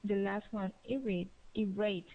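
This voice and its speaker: A woman student in an online English class, answering haltingly and searching for words. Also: medium pitch, steady tone. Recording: tinny phone-like call audio.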